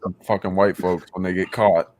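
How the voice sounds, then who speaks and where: A man's voice: sits low, little pitch movement, normal speed, background noise. A man in casual podcast chat, blunt, profane and scornful.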